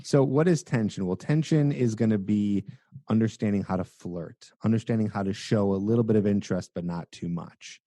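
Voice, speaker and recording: A young adult man with a low, mellow voice coaches listeners on dating in an energetic podcast interview. He explains point by point, now and then acting out examples. The sound is dry and close to the mic. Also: moderate pace, no room sound. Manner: energetic, acts out examples in a high goofy voice.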